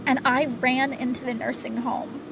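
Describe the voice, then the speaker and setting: A woman's voice: sits high, flat delivery, moderate pace, gravelly, noisy background. A young adult woman, a podcast guest, telling a personal story candidly from a home sound booth, with many fillers and restarts.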